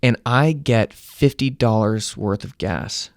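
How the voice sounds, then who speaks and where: A man's voice: medium pitch, takes it slowly, no room sound, studio quality. A man from Nashville co-hosting a podcast, telling stories in casual chat and laughing as he talks. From Nashville, USA. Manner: animated storyteller, laughs while talking. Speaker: podcast co-host.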